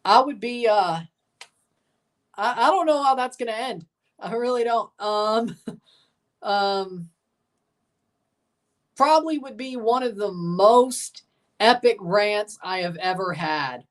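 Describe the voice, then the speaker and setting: A woman's voice: medium pitch, slow pace, pauses often, distant mic. A woman streaming a live soccer watchalong, bantering with viewers, swearing and chanting along. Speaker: streamer reacting to a soccer match.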